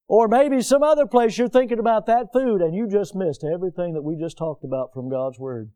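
A pastor preaching with lots of movement and homespun stories. His voice sits high for a man but sounds soft and mellow. He delivers his sermon from a church pulpit. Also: a little fast, hardly any pauses. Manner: animated, moves around the pulpit, folksy storytelling. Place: church sanctuary.

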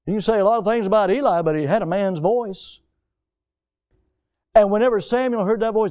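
Emphatic high-voiced male preacher. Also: animated, moderate pace. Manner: emphatic, rhetorical questions, swings between loud and hushed. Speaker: pastor. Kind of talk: sermon.

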